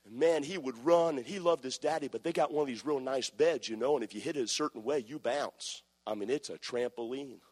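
Preacher in an echoing church. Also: male voice, medium pitch, a little fast, hardly any pauses. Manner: impassioned preaching, swings from shouting to quiet storytelling. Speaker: pastor. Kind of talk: sermon. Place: church sanctuary. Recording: long reverb of a church hall.

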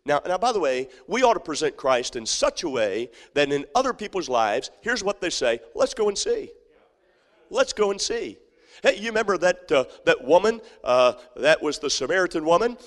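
A man's voice: a little high, very animated, brisk, few pauses. A male pastor preaching a sermon, emphatic and repetitive, with frequent fillers and restarts. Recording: long hall reverb.

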